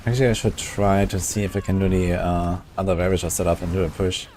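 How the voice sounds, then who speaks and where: A man's voice: low voice, flat delivery, fast talker, a little mellow, a little hiss or hum. A man casually chatting and thinking aloud while he streams a game. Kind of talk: casual gameplay commentary.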